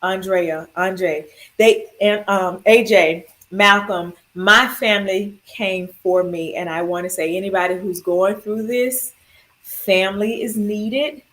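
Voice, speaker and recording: A woman's voice: mid-range voice, takes it slowly, fairly bright tone, low-quality recording. A woman sharing her cancer survival story, rambling through heartfelt thanks to family and friends. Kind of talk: personal video testimony.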